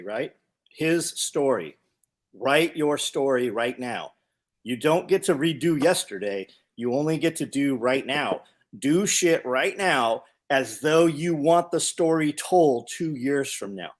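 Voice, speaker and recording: A man's voice: medium pitch, expressive, a little slow. A man co-hosting a casual livestream, speaking emphatically and a bit preachy about living for the story you will tell later. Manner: emphatic, preachy motivational delivery. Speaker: co-host.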